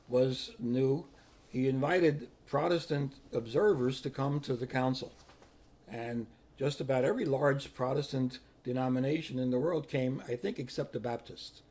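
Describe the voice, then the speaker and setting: An older man telling stories in an animated way, often repeating words and acting out sounds and quotes. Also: medium pitch, creaky, breathy edge. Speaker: interviewee recounting history. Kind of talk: personal storytelling.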